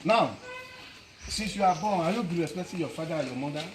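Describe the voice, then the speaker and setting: Against some background noise, a man with a voice on the high side preaches briskly and animatedly in Nigerian Pidgin. The pastor questions children and congregants throughout his sermon, repeatedly tagging on questions like "eh?".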